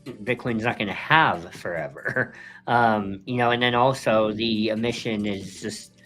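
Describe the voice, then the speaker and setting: A man's voice: lowish voice, steady tone, measured pace, fairly bright tone, faint music behind. Rambling man co-hosting a live stream. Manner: rambling, many restarts, laughs often. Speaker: co-host. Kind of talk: casual live-stream chat.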